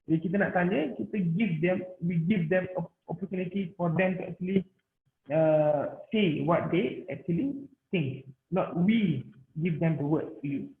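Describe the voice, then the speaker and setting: A man with a Malaysian English accent, a paediatrics lecturer teaching online, mixing languages and restarting words often. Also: high voice. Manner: code-switches, halting repetitions. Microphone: computer mic on a video call, camera off. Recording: tinny, echoey online call audio.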